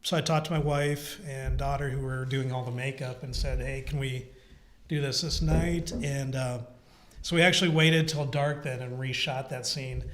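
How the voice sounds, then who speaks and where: A middle-aged man from Iowa, a filmmaker guest telling stories in a relaxed, chatty way with frequent small laughs. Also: mid-range voice, moderate pace. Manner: relaxed storytelling with frequent chuckles. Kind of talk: casual interview.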